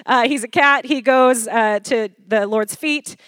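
A woman preacher delivering a lively sermon, laughing often and calling for responses from the congregation. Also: on the high side, a little slow, clean tone, no echo.

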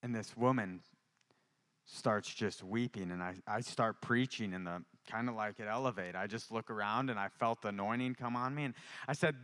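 Bright, clear-voiced man preaching. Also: on the low side, moderate pace. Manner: conversational storytelling building to fervent exhortation. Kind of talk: sermon with personal testimony.

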